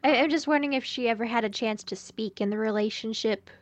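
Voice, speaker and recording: A woman chats casually as a podcast co-host and often stammers and repeats words. Her voice is higher than most. The recording is dry and close, with no room sound. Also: fast talker, no echo. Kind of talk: casual chat.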